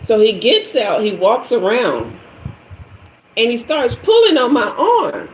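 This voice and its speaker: A woman in her forties, a tarot reader, telling a dramatic story on a livestream in an animated way. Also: on the high side, takes it slowly, a little hiss or hum. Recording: echoey room.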